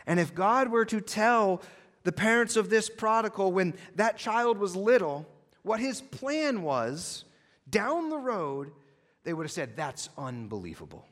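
A male pastor preaching a sermon, swinging between loud emphatic lines and hushed low ones. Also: expressive, measured pace. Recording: long hall reverb.

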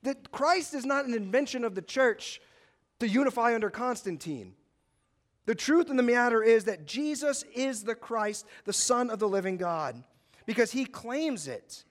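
Male pastor, high voice, dramatic sermon delivery with acted-out questions. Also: expressive, moderate pace. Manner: dramatic preaching, acting out the high priest's questions.

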